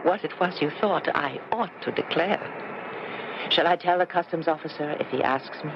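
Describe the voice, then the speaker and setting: An actress playing a middle-aged former resistance fighter, now a teasing, affectionate wife, in a 1970s radio drama. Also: female voice, sits low, normal speed, creaky. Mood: tender. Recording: muffled old radio broadcast with hiss.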